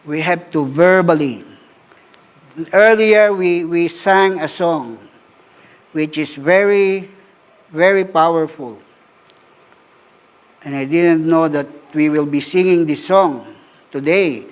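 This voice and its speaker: A man with a Filipino accent preaching a sermon, unhurried, repeating words as he goes and switching into Tagalog at times. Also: sits high, clean tone. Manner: sings short worship lines while preaching.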